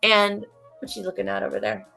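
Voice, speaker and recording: Emphatic woman with a bright voice. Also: mid-range voice, sing-song, fairly quick, vocal fry, soft background music. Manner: emphatic, preachy, talks straight to viewers. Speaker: livestream host. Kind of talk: casual livestream talk.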